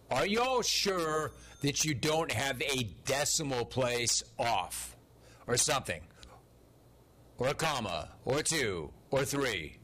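Sarcastic, bright-voiced male sports talk host. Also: mid-range voice, animated, slow. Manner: sarcastic, incredulous, mocking. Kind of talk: mocking sports talk commentary.

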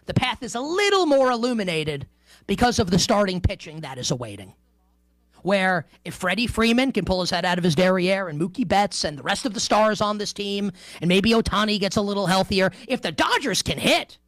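Male sports-betting radio host, animated delivery, dry close mic. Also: high-pitched, dry recording. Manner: emphatic, conversational, playful asides. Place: radio studio.

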